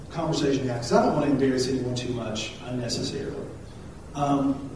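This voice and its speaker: Animated pastor preaching in an echoey hall. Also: male voice, on the high side. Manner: conversational and animated, with asides and jokes. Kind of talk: sermon. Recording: echoey hall, speaker far from the mic, faint noise.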